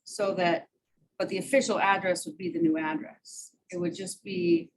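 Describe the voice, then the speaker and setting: A woman at a public meeting calmly clarifying what was agreed. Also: on the low side, normal speed, background noise.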